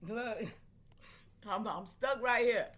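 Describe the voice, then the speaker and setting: Woman, live-stream host, high voice, animated, keeps calling out to her chat. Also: slow pace. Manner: animated, calls out to viewers, laughs often.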